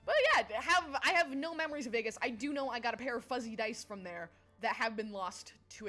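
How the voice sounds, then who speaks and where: A tired woman chatting casually to her stream, rambling and giggling, with sudden animated outbursts. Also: fairly high pitch, normal speed, faint music behind. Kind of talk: casual chat.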